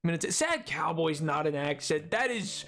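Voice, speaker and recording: A man's voice: on the high side, expressive, normal speed, a bit bright. A man livestreaming a game, chatting casually and laughing often, with frequent stammered restarts and repeated words. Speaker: streamer.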